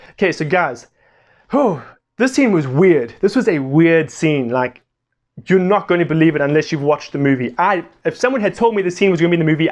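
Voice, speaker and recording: A young man gives a casual video review of a film. He talks in an animated, excitable way, often breaking into laughter, and his voice sits a touch higher than most men's.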